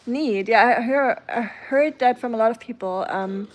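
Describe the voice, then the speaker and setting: A woman with a German accent chats through a relaxed live stream, reading comments aloud and answering them one by one. Her voice sits slightly high, and her talk is easygoing and conversational. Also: normal speed. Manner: chatty, reads out and answers chat comments. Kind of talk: casual live-stream chat.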